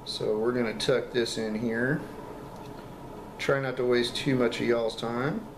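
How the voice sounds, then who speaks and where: A man giving a casual product review, talking in halting, enthusiastic bursts and coughing now and then from a lingering cough. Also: medium pitch, steady tone. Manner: halting, repeats words, enthusiastic. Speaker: vape juice reviewer. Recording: echoey room with background noise.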